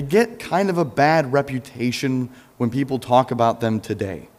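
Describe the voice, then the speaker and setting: A man's voice: medium pitch, normal speed, hardly any pauses, darkish tone. A man preaching a sermon in a church, talking easily with the congregation, asking them questions, answering them himself and joking with them. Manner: jokes with the congregation. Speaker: pastor. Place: church sanctuary.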